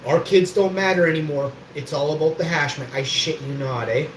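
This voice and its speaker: A man's voice: fairly high pitch, a little fast. Boastful man in an echoey room. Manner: boastful, swears freely, rambling. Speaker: livestream host. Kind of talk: rambling livestream storytelling. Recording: echoey room with background noise.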